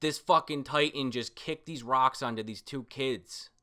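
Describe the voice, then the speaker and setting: An excitable man talks his way through a comic chapter, reacting as he goes. His voice is bright and tense, and he swears freely. He breaks in with loud exclamations between his descriptions. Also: medium pitch, a little slow. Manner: excitable, profane, frequent exclamations. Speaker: manga reader reacting to a chapter. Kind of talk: excited read-through commentary.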